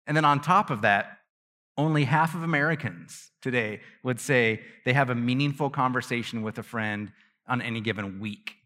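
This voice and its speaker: A man's voice: medium pitch, moderate pace, bright, forceful tone. A man preaching a sermon as a pastor, talking to his congregation in a loose conversational way, joking at his own expense and often restarting a phrase. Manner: conversational, self-deprecating, frequent restarts and laughs. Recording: long reverb of a large hall.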